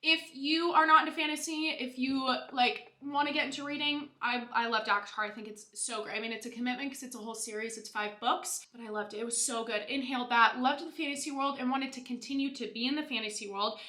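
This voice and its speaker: Bubbly young woman with a bright voice. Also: sits high, steady tone, fast, few pauses, reverberant. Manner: bubbly, gushing, lots of "like" and "you guys". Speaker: beauty vlogger. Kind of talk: casual chat while doing makeup.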